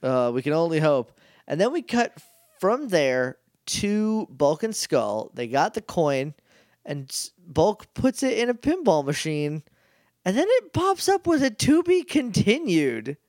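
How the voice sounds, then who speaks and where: Chatty man with a higher voice, rambling. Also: big pitch swings, a little slow, darkish tone, no echo, clean studio sound. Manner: rambling, with many restarts and acted quotes. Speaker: podcast co-host. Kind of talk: casual chat recapping a TV episode.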